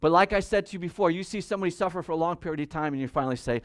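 A man's voice: fairly high pitch, rapid-fire, no echo. Emphatic preaching man, dry close sound. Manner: emphatic preaching, rising loud on scripture. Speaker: pastor. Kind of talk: sermon.

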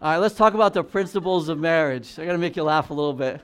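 Slightly high-voiced male pastor preaching. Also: some chatter behind. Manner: conversational preaching, reads scripture aloud slowly. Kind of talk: sermon.

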